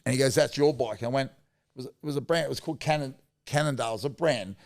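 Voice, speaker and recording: Podcast guest: middle-aged Australian man, gravelly mid-range voice, casual rambling yarns. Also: mid-range voice, fast. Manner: blokey, rambling anecdotes with mild swearing. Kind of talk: casual storytelling.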